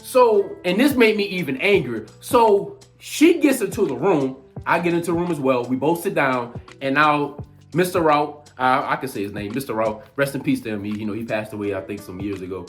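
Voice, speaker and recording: A man in his twenties telling a childhood story in an animated, slangy vlog style. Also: medium pitch, fairly quick, faint music behind. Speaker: vlogger.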